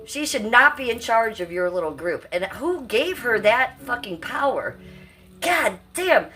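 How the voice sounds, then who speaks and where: A woman's voice: fairly high pitch, animated, moderate pace, bright, forceful tone, faint music behind. Brash, profane woman in her fifties. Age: 50s. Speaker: livestream host. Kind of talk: casual livestream chat.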